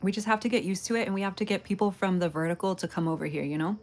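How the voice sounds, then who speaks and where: A woman's voice: mid-range voice, very fast, a little mellow, a little hiss or hum. A young woman livestreaming while making pottery, chatting casually and giggling with her viewers. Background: faint game music.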